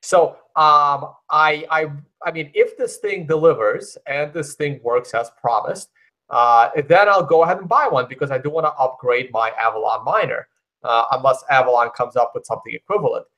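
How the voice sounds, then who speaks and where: A man on a live panel show talking through his camera mic, in a measured, doubting way. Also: mid-range voice, pushed and bright. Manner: skeptical, measured, asks for proof. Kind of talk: casual crypto panel talk. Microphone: camera mic on a call.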